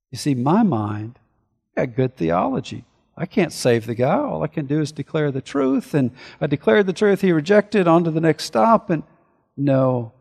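A man preaching a sermon as a pastor, earnest, swinging between forceful declarations and hushed, slowed reflection. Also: on the high side, expressive, creaky, in a large hall.

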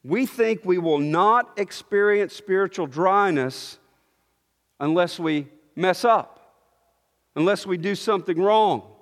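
Slow and deliberate, a man with a high voice gives a sermon that explains scripture in an earnest, teaching manner. Working toward a point, he frequently starts his phrases over. His words ring out with long reverb, like in a big church hall.

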